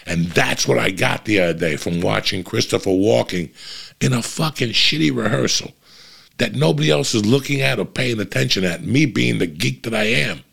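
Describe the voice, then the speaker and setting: A man's voice: on the low side, normal speed, fairly bright tone. A middle-aged man, a comedian hosting his own podcast, giving a blunt, profane motivational monologue. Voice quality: gravelly. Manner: blunt, profane, fired-up ranting.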